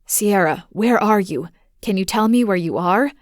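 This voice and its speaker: A woman voicing a frantic billionaire father who pleads gently and urgently with his missing daughter, in an audiobook. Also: medium pitch, normal speed, no echo, clean studio sound, lightly acted. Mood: anxious, pleading. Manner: urgent, pleading, soft-spoken to a child. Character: frantic billionaire father, male, middle-aged. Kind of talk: audiobook dialogue.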